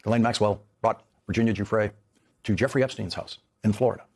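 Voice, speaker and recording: A man's voice: on the low side, brisk, a little mellow, slightly rough. A man hosting a television news program, delivering an emphatic, pointed monologue. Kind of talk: broadcast monologue.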